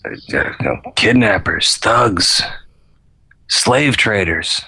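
Man playing a stammering low-voiced drunk. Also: big pitch swings, takes it slowly, gravelly, pushed and bright, breathy edge, no room sound, full character voice. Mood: rattled, rambling. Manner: stammering, trailing off, repeating words. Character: rambling drunk man, beaten former captive. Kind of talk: tabletop role-play voice.

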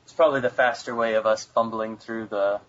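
A man's voice: on the low side, fairly even intonation, a little fast. A man playing a tabletop game over voice chat, easygoing and at times speaking in character. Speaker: player. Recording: dull lo-fi voice chat with faint hiss.

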